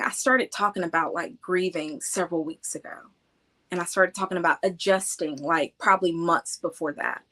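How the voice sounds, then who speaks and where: An earnest woman with a slightly low voice talks through a live stream about faith and letting go. She speaks conversationally and circles back on her phrases for emphasis. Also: fairly bright tone. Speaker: livestream host. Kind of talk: faith-based encouragement talk.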